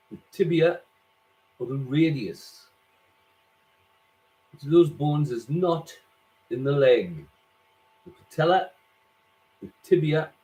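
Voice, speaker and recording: A man hosting a quiz, reading out scores and questions slowly and repeating each question. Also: fairly high pitch, warm tone, poor audio. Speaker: quiz host.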